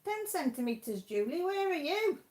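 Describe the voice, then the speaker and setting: A Welsh woman with an extremely high, sing-song voice that's a little mellow speaks at normal speed. She hosts a live stream from her home, chatting casually and reading viewers' comments aloud in a homely, slangy manner, now and then letting slip a mild swear.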